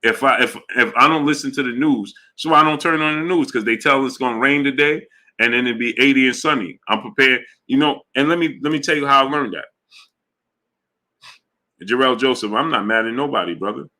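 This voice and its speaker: A man's voice: medium pitch, brisk. Emphatic man hosting a boxing livestream. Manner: animated, emphatic, repeats himself. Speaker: boxing show host. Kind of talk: casual livestream talk, reading chat.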